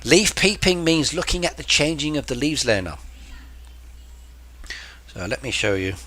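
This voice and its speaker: A man's voice: a little high, big pitch swings, moderate pace, sharp tone. An English man streaming a game and chatting casually, explaining slang to his viewers like the teacher he is. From England. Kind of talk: casual live-stream chat.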